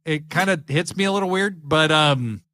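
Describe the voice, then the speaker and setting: Guy recapping wrestling on a podcast, bright higher voice, dry close mic, does all the voices. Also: moderate pace. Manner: animated storyteller, acts out wrestlers' lines. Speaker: podcast co-host. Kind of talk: casual wrestling recap chat.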